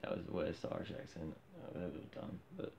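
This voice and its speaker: A man livestreaming from his phone, chatting casually and bluntly, cheeky and quick to get loud and heated. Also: deep voice, level tone, creaky, slight background noise. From Australia.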